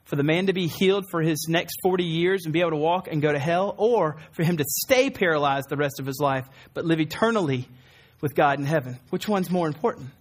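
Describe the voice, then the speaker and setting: A man's voice: fairly high pitch, brisk. A man preaching a sermon, earnest, repeating key phrases for emphasis. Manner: acts out quoted voices in a raised tone. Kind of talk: sermon teaching.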